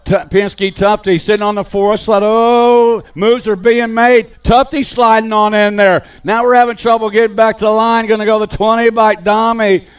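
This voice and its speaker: A man giving live BMX race commentary, calling riders and positions in an excited play-by-play. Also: high-pitched, normal speed, few pauses, clean tone. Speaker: race announcer.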